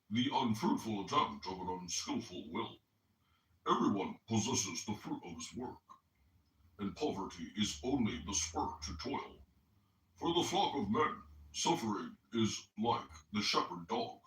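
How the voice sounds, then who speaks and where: A man mimicking a caller as he reads a mystical book aloud in a slow, solemn recitation. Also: lowish voice, a bit bright. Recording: echoey room, far from mic, faint hiss.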